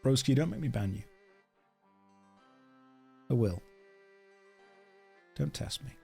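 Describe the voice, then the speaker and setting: A man's voice: mid-range voice, expressive, takes it slowly, gravelly, warm tone, husky, faint music behind. A man chatting playfully with viewers during a casual game stream, joking as he plays.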